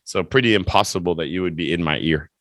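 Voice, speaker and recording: A man's voice: deep voice, fast, fairly bright tone, no room sound. A man teaching English over a video call, teasing his student in a chatty, playful way before running a speaking test.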